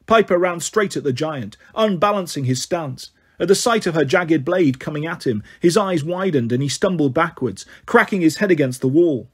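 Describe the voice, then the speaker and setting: Husky-voiced male storyteller. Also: a little high, moderate pace, few pauses. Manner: steady storytelling. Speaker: narrator. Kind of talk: audiobook reading.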